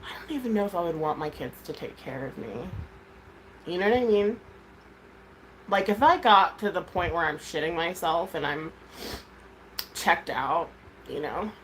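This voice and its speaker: A woman in her thirties talking candidly to her livestream viewers, rambling from thought to thought and swearing freely. Her voice sits a little low, with a faint hiss of background noise behind it. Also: expressive, moderate pace, long pauses, a bit bright, rough recording. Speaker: livestream host, mom. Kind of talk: casual livestream chat.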